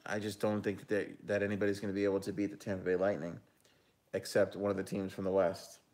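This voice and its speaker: A man's voice: low voice, completely flat delivery, quick pace, darkish tone. A man hosting a live hockey talk stream, chatting casually, giving his picks and reading viewer comments aloud. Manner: casual, chatty, with frequent ums and self-corrections. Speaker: hockey talk show host and analyst.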